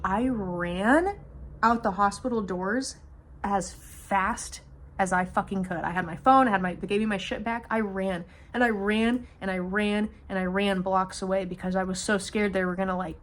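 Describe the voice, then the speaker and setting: A young woman vlogger telling a storytime monologue to her camera, swearing freely and speaking with animated emphasis. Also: mid-range voice, normal speed.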